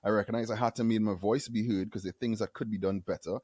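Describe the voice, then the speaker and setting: A man in his forties from Trinidad with a Trinidadian accent, a guest telling stories in a casual interview, self-deprecating and quick to laugh. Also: on the low side, slightly rough, no room sound, clean studio sound. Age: 40s. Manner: animated storyteller, self-deprecating, laughs often.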